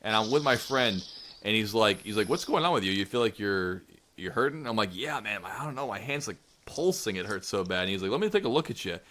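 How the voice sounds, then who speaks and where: A man's voice: on the low side, lively intonation, fairly quick, fairly bright tone, a little hiss or hum. A young man in his twenties co-hosting a podcast, telling a rambling, profane story and acting out the quotes. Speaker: podcast co-host. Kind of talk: casual storytelling chat.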